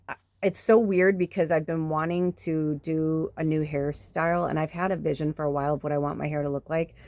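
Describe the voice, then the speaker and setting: A woman's voice: deep voice, a little mellow, no echo. A woman in her fifties, a spiritual medium, rambling in a chatty, emphatic way and swearing often. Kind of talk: casual rambling monologue.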